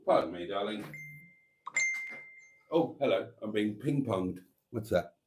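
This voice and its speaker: A man's voice: lowish voice, expressive, a little slow, background noise. A man hosting a casual live stream, reading out viewer comments in a chatty, wry and self-mocking way.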